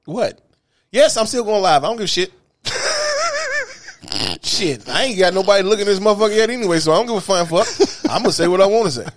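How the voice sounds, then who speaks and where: A high, lively male voice that rattles along at a quick clip. He's a middle-aged co-host in a loose, profane chat, packed with filler and asides. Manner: animated, profane storytelling with lots of filler. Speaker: podcast co-host. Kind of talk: casual chat.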